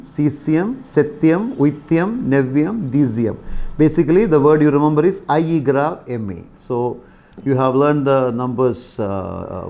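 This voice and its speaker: An older man with an Indian English accent teaching basic French, explaining patiently with pauses and fillers. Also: mid-range voice, dark tone. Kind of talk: classroom lecture.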